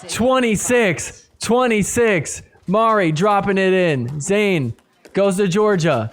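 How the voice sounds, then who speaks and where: A man hosting a podcast, giving excitable play-by-play commentary over match footage and shouting at the big points. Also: high voice, slow pace. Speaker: podcast host.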